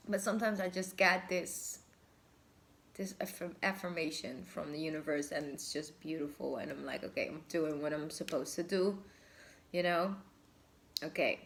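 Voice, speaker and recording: A woman's voice: sits low, normal speed, vocal fry, fairly bright tone. Effusive woman giving a tarot reading. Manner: effusive, laughs often, thinks aloud with restarts. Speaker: tarot reader. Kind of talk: casual tarot reading monologue.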